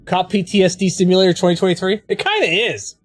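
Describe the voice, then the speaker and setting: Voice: mid-range voice, quick pace, faint music behind. A game streamer chatting casually with viewers, telling stories frankly, with swearing and many restarts.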